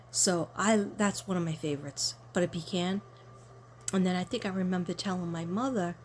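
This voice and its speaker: Lower-pitched chatty woman telling stories. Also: normal speed, a little hiss or hum. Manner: rambling, chatty, talks to viewers directly. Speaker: card reader. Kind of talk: casual storytelling to camera.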